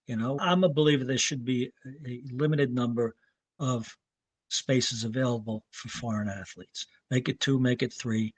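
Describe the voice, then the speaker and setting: A man in his seventies from New York State, a veteran running coach telling rambling, anecdotal stories and clearing his throat now and then. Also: mid-range voice, moderate pace, dry recording. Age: 70s. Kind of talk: casual interview talk.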